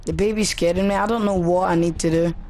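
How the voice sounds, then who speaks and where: A man's voice: high-pitched, fairly even intonation, quick pace, darkish tone, slight background noise. A man commentating on a horror game as he plays, talking to himself in a nervous, frightened way. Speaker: gaming channel host.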